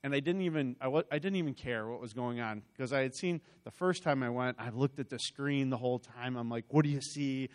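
A man's voice: mid-range voice, brisk, hardly any pauses. A middle-aged man telling his personal testimony to a church, chatty and rambling, with frequent restarts and asides. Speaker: church member giving a testimony. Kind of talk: personal testimony told as a story.

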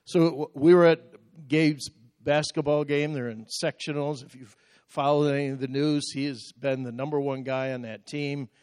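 An older man preaching a sermon, telling personal stories with sudden loud bursts. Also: on the high side, steady tone, moderate pace, clear, resonant tone, no room sound, studio quality. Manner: storytelling with sudden loud outbursts. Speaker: pastor.

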